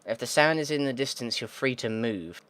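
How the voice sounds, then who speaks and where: This gaming video host speaks at a fairly quick clip in a smooth, medium-pitched voice with a fairly bright tone. He narrates a text game by reading its descriptions out loud and reacting to them, thinking aloud and grumbling frustrated, sweary remarks.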